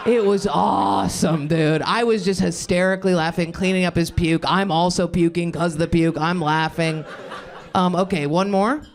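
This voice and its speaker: A woman's voice: fairly low pitch, steady tone, normal speed. A woman in her thirties doing crowd-work stand-up comedy on a club stage, rambling, cutting herself off and laughing at her own jokes. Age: 30s.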